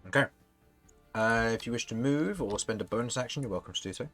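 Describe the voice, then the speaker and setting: A man serves as the dungeon master of a tabletop game, describing the scene and calling for rolls in a businesslike way. His voice sits at an ordinary pitch. Faint background music plays under him. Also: lively intonation, fast talker, a bit bright. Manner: businesslike, prompting players for rolls.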